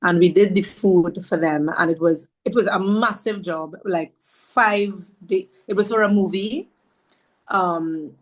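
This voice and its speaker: Unhurried and fairly low-pitched, she is a woman from Trinidad guesting on a podcast with a heartfelt personal story. She speaks earnestly and devoutly, repeats phrases for emphasis, and talks about faith with warmth.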